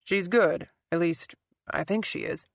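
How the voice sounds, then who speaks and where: A woman reading an audiobook and voicing a guarded, quiet man who speaks in a soft, halting way. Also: no echo, studio quality. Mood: wry. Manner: soft, halting, low-key delivery. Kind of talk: audiobook character voice.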